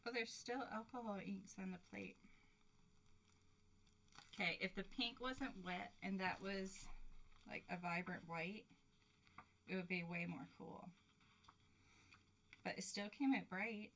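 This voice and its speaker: Giggly woman, slow-talking. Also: mid-range voice, a little hiss or hum. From Canada. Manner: excitable, giggly, chatting to viewers. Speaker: craft livestream host. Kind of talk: live crafting demo chat.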